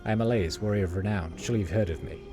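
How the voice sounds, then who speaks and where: A pompous fantasy warrior who is quick to take offense, as a man reads him aloud. He speaks in stiff, old-fashioned phrases with a low voice. Game music plays clearly behind him. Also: natural voice. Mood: boastful. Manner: pompous, archaic formal speech. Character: arrogant, proud human warrior man, easily offended.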